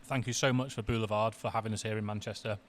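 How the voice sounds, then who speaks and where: A male podcast host chats over afternoon tea in a restaurant, friendly and full of quick-fire questions. He talks fast in a bright, forward voice. A faint hum of noise sits behind him. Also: on the low side, steady tone. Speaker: podcast host, marketing director. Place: restaurant in the city.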